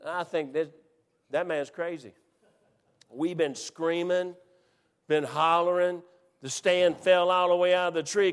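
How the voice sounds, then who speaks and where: A man with a fairly high voice tells a comic personal story with lively energy, laughing along as the tale builds. His voice carries a long reverb, as if spoken in a large hall. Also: moderate pace. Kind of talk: animated personal anecdote.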